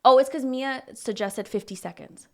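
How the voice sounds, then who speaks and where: A woman's voice: high voice, normal speed. Young woman animatedly retelling a movie. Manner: animated storytelling, acting out lines, swears casually. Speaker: podcast co-host. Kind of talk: casual chat retelling a movie plot.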